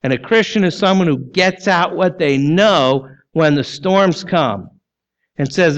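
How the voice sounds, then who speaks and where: A man preaching a sermon as pastor, emphatic and full of rhetorical questions, sometimes sinking low and quiet. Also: a little slow.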